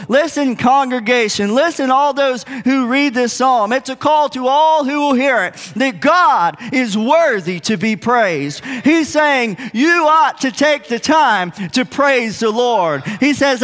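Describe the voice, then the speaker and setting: High-pitched male preacher in a reverberant hall. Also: a bit bright. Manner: preaching with call-and-response, drawn-out emphatic quotes. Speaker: pastor. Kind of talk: sermon. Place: church hall.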